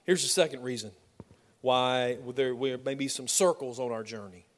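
A man preaching a sermon, swinging between loud, emphatic declarations and soft, quiet asides. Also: medium pitch, normal speed.

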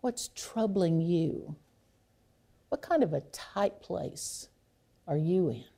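A woman preaching a sermon, reflective and unhurried, sinking to a near hush on key phrases. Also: fairly low pitch, expressive.

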